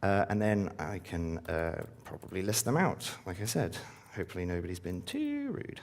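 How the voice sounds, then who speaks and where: His voice sits low and a little mellow, with a sing-song lilt and a moderate pace. The man is a conference speaker giving a relaxed live-coding talk, heavy on ums and uhs and cheerful when interacting with the audience.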